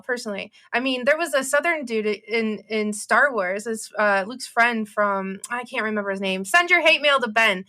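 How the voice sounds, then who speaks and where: Woman cohost rambling about her games, sharp bright tone, mid pitch. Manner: easygoing, laughs often, rambling. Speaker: podcast co-host. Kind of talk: casual podcast chat.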